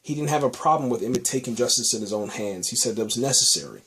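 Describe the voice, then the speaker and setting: A man hosting a podcast, recapping a TV episode in a loose, excitable way, tossing in "man" and "you know" all the time. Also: mid-range voice, fast, breathy edge. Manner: rambling, says "man" and "you know" constantly; excitable, enthusiastic about the show. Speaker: podcast host reviewing a TV episode. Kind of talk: casual spoken recap.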